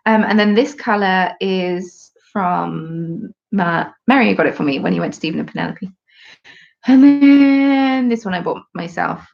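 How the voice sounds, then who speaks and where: A woman's voice: medium pitch, muffled recording. A woman hosting a knitting podcast live, chatting casually and rambling while she knits and reads out viewer comments at home. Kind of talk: casual live-stream chat.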